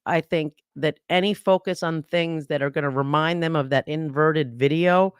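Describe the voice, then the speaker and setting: Halting podcast guest with a smooth voice. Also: mid-range voice, fairly even intonation, no echo, clean studio sound. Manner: halting, restarts often, laughs in disbelief. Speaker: guest legal commentator. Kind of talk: casual analysis on a podcast.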